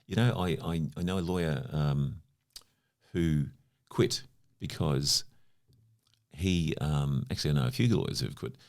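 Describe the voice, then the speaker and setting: Rumbling low with vocal fry and a darkish tone, this unhurried man from New Zealand, in his fifties, guests on a podcast. He shares casual, chatty stories, leaning on "you know" again and again.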